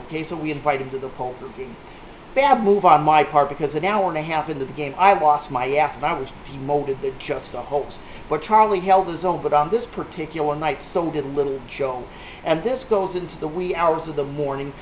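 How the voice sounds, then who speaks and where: A man's voice: a little high, fairly quick, slight background noise. Salty storytelling man, tinny echoey sound. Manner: rambling, salty, punchline-driven storytelling. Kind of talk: casual anecdote told to a small group. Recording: echoey room on a tinny lo-fi line.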